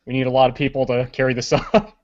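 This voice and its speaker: A man's voice: mid-range voice, little pitch movement, fast, a little mellow. A man playing a tabletop game, chatting casually and joking with the game master. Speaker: player. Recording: muffled lo-fi recording.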